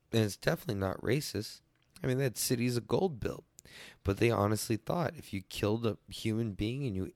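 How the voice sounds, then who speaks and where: A man's voice: on the low side, dry recording, studio quality. A man hosting a casual chat stream, rambling, crude and joking as he answers viewers.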